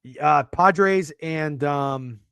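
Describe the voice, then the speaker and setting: A man co-hosting a casual sports betting podcast over a video call, animated, teasing and swearing a lot. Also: a little high, drawn-out words, vocal fry, clean tone, no room sound. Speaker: podcast co-host.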